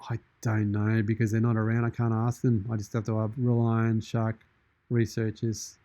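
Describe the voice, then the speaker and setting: An Australian man hosting a live stream in a shark persona, chatting casually and deadpan while reading out viewer comments from his studio. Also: fairly low pitch, moderate pace, no echo. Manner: jokey, deadpan, in-character banter. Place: studio with green screen.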